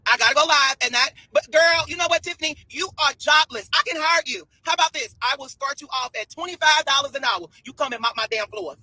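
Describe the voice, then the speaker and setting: A man's voice: very high voice, fast, few pauses, sharp tone, no room sound, poor audio. A man ranting on a livestream in a sassy, scolding way, repeating himself. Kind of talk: livestream rant.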